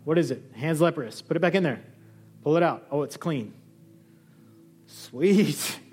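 A man preaching a sermon as a pastor, animated, acting out the dialogue he quotes. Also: a little slow, husky, faint music behind. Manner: lively, acts out quoted dialogue with shifting pitch. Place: church hall.

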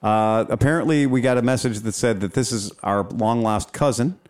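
A man's voice: mid-range voice, moderate pace. A man hosting a podcast in casual, rambling chat, swearing freely and often restarting his sentences. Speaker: podcast host.

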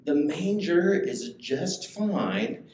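A man's voice: high voice, very slow, gravelly, a little mellow, slight background noise. A man preaching a sermon as pastor, talking in a conversational way and putting questions to the congregation. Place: church sanctuary. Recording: echoey church room, faint ambience.

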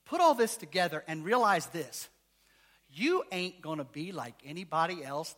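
A man's voice: a little high, sing-song, moderate pace, pushed and bright. A man preaching a sermon in church, joking and firing questions at the congregation. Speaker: pastor.

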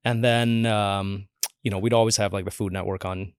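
A man in his forties speaks in a low, easygoing register as a podcast guest. He tells stories casually, slips into the voices of the people he quotes and leans on "like" as filler. The recording is close and dry, with no room sound. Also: steady tone, moderate pace, clean tone, no echo. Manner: chatty, acts out quoted voices, many "like" fillers. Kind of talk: casual interview storytelling.

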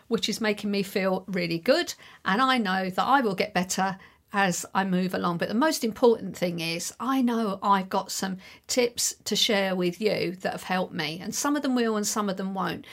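A woman's voice: medium pitch, fairly bright tone. A middle-aged woman speaks alone on her own podcast, addressing listeners directly. Her delivery is chatty and reassuring, steadily encouraging, in an ordinary mid-range voice. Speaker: podcast host. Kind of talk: solo podcast monologue.

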